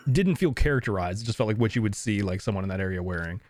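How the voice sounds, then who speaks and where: A man from the western United States co-hosting a podcast, talking through his thoughts slowly, with lots of restarts. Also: fairly low pitch, lively intonation, a little mellow, no room sound. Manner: thoughtful, hesitant, many restarts and fillers. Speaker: podcast co-host. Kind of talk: casual movie review chat.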